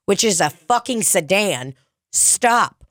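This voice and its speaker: A woman's voice: medium pitch, takes it slowly, no echo. A woman in her twenties chats casually on a podcast, swearing freely and jumping into voices as she tells her stories. The sound is dry and close, with no room around it. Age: 20s. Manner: animated storytelling, heavy swearing, acts out voices. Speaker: comedian podcast co-host. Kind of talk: casual chat.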